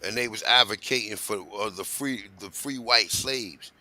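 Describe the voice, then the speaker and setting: A man's voice: lowish voice, moderate pace, pushed and bright, no echo, low-quality recording. A man with a New Jersey accent, talking casually and streetwise on a livestream, often asking "you know what I'm saying".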